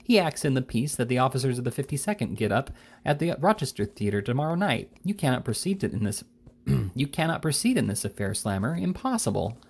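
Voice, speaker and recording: A man's voice: mid-range voice, sing-song, brisk, creaky, husky, exaggerated voice. A man doing a sneering army lieutenant. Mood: scornful. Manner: contemptuous, clipped.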